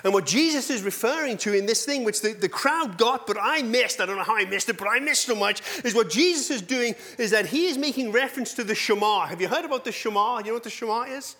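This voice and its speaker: A male pastor preaching a sermon in an animated, self-deprecating way, full of rhetorical questions. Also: extremely high pitch, fast talker, few pauses.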